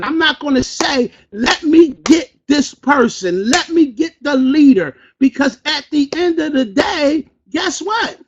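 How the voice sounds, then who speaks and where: High-voiced fast-talking sales trainer man. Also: lively intonation. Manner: fast, call-and-response, acts out phone calls. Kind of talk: energetic motivational training talk. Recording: dull lo-fi recording.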